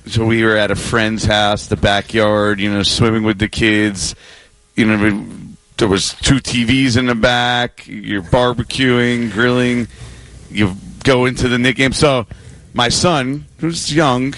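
A male sports radio co-host chatting about basketball and telling a family story in a relaxed, conversational way. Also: mid-range voice, unhurried, rough recording. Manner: conversational, storytelling, hedged opinions.

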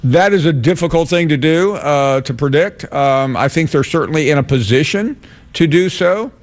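A man hosting a sports talk radio show, answering callers in a measured, hesitant way with frequent fillers. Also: a little high, animated.

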